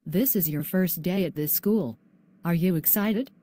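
A woman's voice: on the low side, a little slow, mellow, slight background noise, natural voice. A female student voicing a loving mother who reassures her daughter in a class video. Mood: tender. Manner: tender, reassuring.

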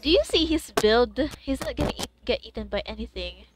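High, lively young woman streaming a game. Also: fairly quick, noisy background. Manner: excitable, swears freely, gasps and shrieks in surprise. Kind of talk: casual live game-stream chat.

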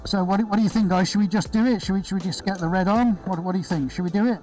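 A man's voice: high voice, racing, darkish tone, soft background music, low-quality recording. Chatty man hosting a live art stream. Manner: chatty, upbeat, rambling with fillers. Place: indoor studio floor with extractor fan.

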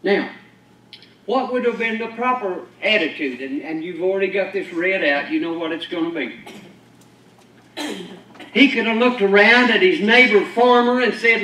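A man's voice: sits high, normal speed, long pauses, bright, forceful tone. A pastor preaching a sermon, pressing his points with rhetorical questions and emphatic declarations to a congregation. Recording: echoey church from far off.

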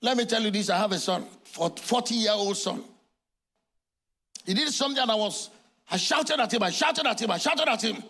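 A man in his sixties with a Nigerian accent, preaching a sermon in a church and acting out dialogue with bursts of shouting. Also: high-pitched, normal speed, slightly rough. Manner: animated storytelling, acting out dialogue, often shouting. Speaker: pastor.

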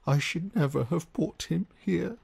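A man voicing a raspy, squeaky storybook cat. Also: very animated, a little fast, exaggerated voice. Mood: regretful. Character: fretful talking cat in a storybook. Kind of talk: storybook cutscene voice acting.

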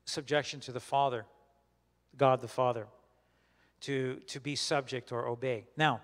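A man leading a Bible study as a pastor, teaching in a conversational, halting way with many restarts and questions put to the group. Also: mid-range voice, fairly even intonation, fairly bright tone, in a large hall. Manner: questions the group and repeats their answers.

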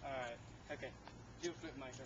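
A man's voice: medium pitch, quick pace. A young man filming at home outdoors, teasing his friends and chatting loosely on a call, saying "dude" a lot. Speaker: person filming a home video. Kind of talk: casual home-video chatter. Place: backyard with a trampoline, outdoors. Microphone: handheld camcorder mic. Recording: muffled camcorder audio with background noise.

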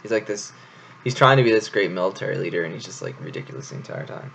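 Gravelly man reading a story aloud. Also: low voice, fast talker, a bit bright, a little hiss or hum. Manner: casual, rambling asides. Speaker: reader of a novel. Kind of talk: casual read-aloud storytelling. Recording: dull lo-fi home recording.

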